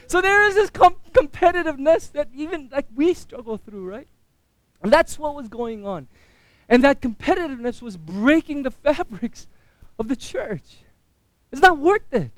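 A man's voice: very high-pitched, no echo. A man in his thirties preaching a sermon as pastor, conversational and self-mocking with humor.

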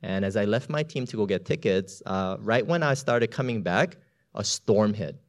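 A man preaching a storytelling sermon, chatty and full of filler words, swinging between hushed asides and loud emphasis. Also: lowish voice, lively intonation, normal speed.

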